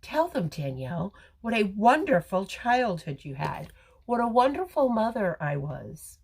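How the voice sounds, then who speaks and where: Middle-aged woman hosting a live makeup stream, chatty and rambling, slow unhurried delivery with lots of swing in her pitch. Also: big pitch swings, vocal fry, a little mellow, slightly rough. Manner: chatty, rambling, talks to viewers. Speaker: makeup livestream host. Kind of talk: casual live makeup tutorial. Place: home or salon with ring light. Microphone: phone camera.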